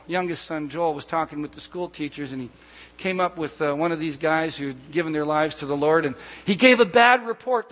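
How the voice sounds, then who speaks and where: Bright-voiced man preaching in a hall. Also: a little high. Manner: storytelling, animated, with asides and restarts. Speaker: pastor. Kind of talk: sermon. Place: church hall. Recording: long hall reverb.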